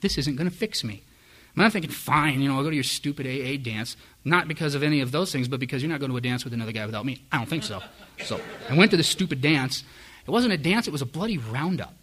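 A man's voice: medium pitch, expressive, fast, fairly bright tone. A middle-aged man candidly telling his own recovery story to a live audience, self-mocking and frank. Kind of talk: personal testimony to a live audience.

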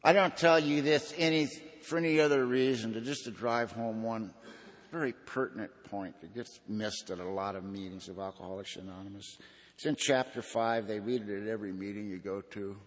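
A man's voice: on the low side, brisk, long reverb tail. A man giving an earnest personal testimony at a recovery meeting, in a folksy storytelling manner.

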